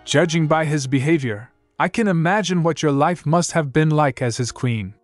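A man's voice: on the high side, normal speed, no room sound, soft background music, pitched above the performer's own voice, natural voice. A man voicing a haughty sorcerer who serves as the emperor's messenger, disdainful and cutting in every line. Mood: scornful.

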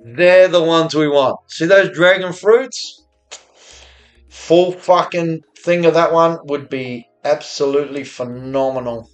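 An Australian man streaming slot games, swearing constantly and cheering loudly at the screen in casual live commentary. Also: on the high side, takes it slowly, soft background music. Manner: profane, excitable, cheers at the screen. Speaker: slots streamer.

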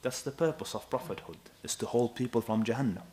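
A man in his thirties preaching a sermon in an animated, emphatic way, often checking with his listeners. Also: mid-range voice, quick pace, slight background noise. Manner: animated and emphatic, with asides to the audience.

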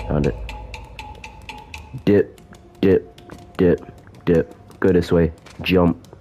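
A man's voice: low voice, steady tone, very slow, mellow, muffled recording, soft background music. A man giving joking commentary as he plays a horror game, talking to the character chasing him. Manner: jokey, talks to the game's villain. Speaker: gaming YouTuber.

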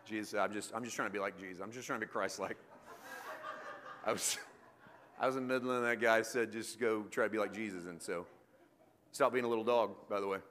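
A male preacher with a bright, forceful voice, delivering a sermon. He moves from loud, emphatic declarations to low, joking asides with his congregation. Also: fairly quick, long pauses, a little hiss or hum. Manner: jokey, self-deprecating with the congregation.

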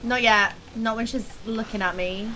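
Woman, let's-play commentary, reactive and chatty, slightly high voice, background noise. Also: fairly even intonation, moderate pace, sharp tone. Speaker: gamer.

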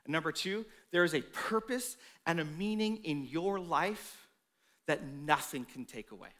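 A man preaching a sermon in a church, telling the story with animated delivery and acting out the voices of the people in it. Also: a little high, a little slow. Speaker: pastor.

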